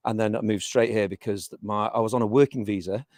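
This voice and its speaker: A man's voice: fairly low pitch, fairly even intonation, quick pace, a little mellow, no room sound, studio quality. Hesitant Mancunian man chatting. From England. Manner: hesitant, many restarts and fillers. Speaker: interviewee, teacher. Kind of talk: casual interview chat.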